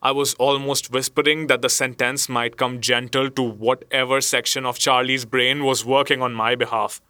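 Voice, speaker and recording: A man reading a story aloud as narrator, in a measured storytelling manner. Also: medium pitch, level tone, sharp tone, no room sound, studio quality. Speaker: audiobook narrator. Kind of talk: scripted narration.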